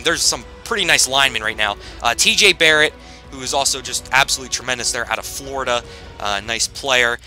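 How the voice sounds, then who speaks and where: A man giving casual, rambling gameplay commentary as he plays, with sudden loud bursts of hype. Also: medium pitch. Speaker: gaming commentator.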